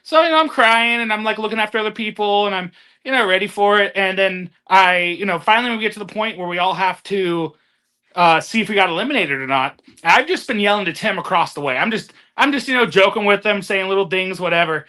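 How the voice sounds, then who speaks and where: A man in casual group chat, telling animated stories and laughing often. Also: sits high, a little fast. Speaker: guest contestant.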